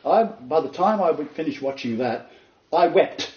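An older man giving an informal sermon lecture, earnest and emphatic, his pitch leaping on stressed words between rambling asides. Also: lively intonation, normal speed, a little hiss or hum. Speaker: preacher giving a Bible lecture. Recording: roomy, distant, dull lo-fi.

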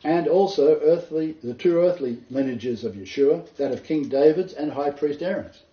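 A man's voice: a little high, normal speed. A man leading an informal Bible study, explaining scripture in an earnest, detailed way. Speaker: Bible teacher. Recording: roomy, distant, dull lo-fi sound.

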